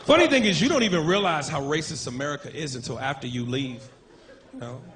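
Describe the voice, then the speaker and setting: A man doing a stand-up comedy set, brash and profane, telling animated stories on a club stage. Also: fairly high pitch, fast talker. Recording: live club with loud crowd and noise.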